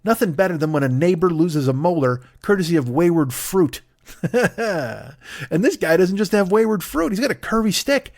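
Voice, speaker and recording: A man's voice: high voice, expressive, normal speed, gravelly, a little mellow, dry recording, clean studio sound. A man doing a profane, riffing comedic monologue as a podcast host.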